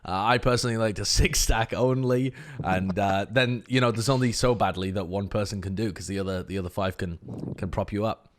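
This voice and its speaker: A young British man with a softened Birmingham accent, a caster chatting casually with dry, self-mocking humour. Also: on the low side, brisk. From England. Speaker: esports caster. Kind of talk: casual chat.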